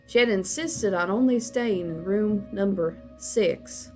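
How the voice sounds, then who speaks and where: A woman voicing a chatty male trucker with a deep Southern US drawl, telling a folksy story over a late-night call-in line. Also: takes it slowly, soft background music, lightly acted.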